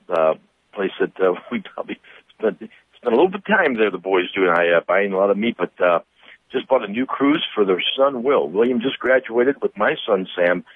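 A man's voice: deep voice, slightly rough, no echo. A man in his sixties from St. Louis, a car dealer calling into a radio show, telling stories in a casual chat with frequent laughter. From St. Louis, Missouri. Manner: storytelling, laughs often. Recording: tinny phone line.

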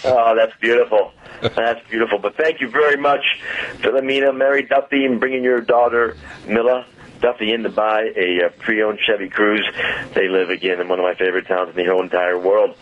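A man's voice: fairly low pitch, steady tone, a bit bright. Rambling man on lo-fi radio. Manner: rambling, halting, full of fillers. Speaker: car dealer guest. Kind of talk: casual radio chat. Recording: dull lo-fi radio audio.

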